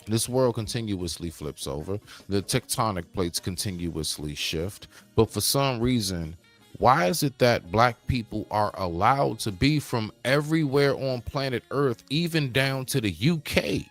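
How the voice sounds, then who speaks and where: A man's voice: medium pitch, animated, unhurried, faint music behind. A man from the United States hosting a livestream, talking straight to his viewers and chat in a casual, preachy monologue. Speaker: livestream host.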